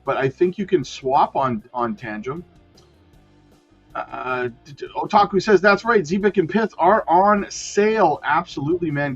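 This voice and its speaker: Hyped man hosting a livestream, husky. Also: a little high. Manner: hyped, repetitive, addresses viewers as guys. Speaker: crypto livestream host. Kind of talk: casual livestream chat. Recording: dull lo-fi sound with faint music.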